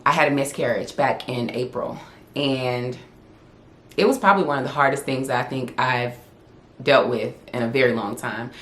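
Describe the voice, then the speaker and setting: In an echoey room, a young woman from the Southern United States answers questions for her casual vlog, candid and laughing frequently. The vlogger and influencer has an extremely low-pitched, fairly bright voice.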